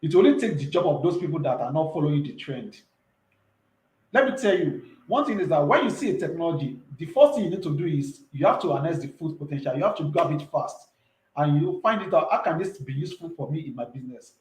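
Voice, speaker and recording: A man's voice: fairly high pitch, animated, fairly quick, roomy sound, low-quality recording. A man, talking earnestly and emphatically as an entrepreneur guest in a casual interview, often repeating himself.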